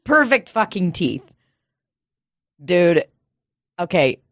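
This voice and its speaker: A woman's voice: on the low side, very animated, takes it slowly, fairly bright tone, no room sound. A woman co-hosting a comedy podcast, chatting in a brash, profane, joking way. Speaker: podcast co-host. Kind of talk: casual comedy chat.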